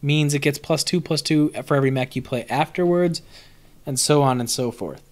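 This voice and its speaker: Reacting to a card set on a live stream, a young man jokes around, swears, and responds to chat in a loose, animated way. His pitch is on the high side and his pace is moderate.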